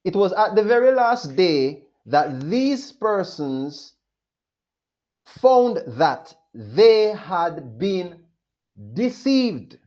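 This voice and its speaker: Male preacher, high voice, slow deliberate delivery, dull lo-fi sound. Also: sing-song, a little mellow. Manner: emphatic, repeats phrases, voices questions of others. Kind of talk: sermon. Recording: dull lo-fi recording.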